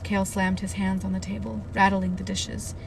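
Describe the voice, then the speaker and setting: A woman reading a novel aloud on a live stream, with steady narration and emotional, gushing asides to her chat. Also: mid-range voice, normal speed, gravelly, noisy background. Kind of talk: live read-aloud with reactions.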